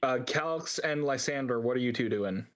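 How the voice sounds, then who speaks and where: A man's voice: medium pitch, moderate pace, a bit bright. A man acting as game master, narrating a tabletop game and working through rules on the fly with frequent laughs.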